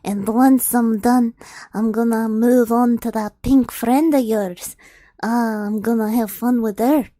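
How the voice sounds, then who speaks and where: A taunting, gloating brute of an ogre, loud and mocking, as a woman reads him out in a storybook voice. His voice sits a little lower and pushes harder than the reader's own, in a dry, close sound. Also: steady tone, takes it slowly, dry recording. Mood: gloating menace. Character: brutish taunting male ogre.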